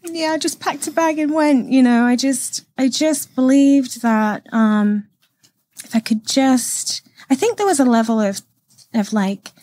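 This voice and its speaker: A woman from the United Kingdom speaking candidly and reflectively as a podcast guest, with pauses and fillers. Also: sits high, mellow, dry recording. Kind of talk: casual interview conversation.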